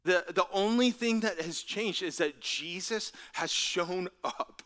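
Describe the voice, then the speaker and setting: Bright-voiced man preaching earnestly. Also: sits high, takes it slowly. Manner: drops to a near whisper for emphasis; repeats words and restarts phrases. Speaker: pastor. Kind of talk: sermon.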